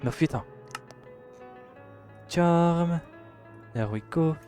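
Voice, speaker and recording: Excitable young British man streaming a game. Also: fairly high pitch, very slow, faint music behind. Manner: excitable, swearing, reacting loudly to the game. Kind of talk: casual gameplay commentary.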